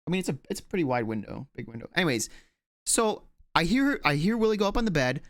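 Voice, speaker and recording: A man's voice: on the high side, sing-song, quick pace, dry recording, clean studio sound. A man co-hosting a podcast, telling a long story in a casual, rambling way with lots of fillers, restarts and swearing. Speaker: podcast co-host.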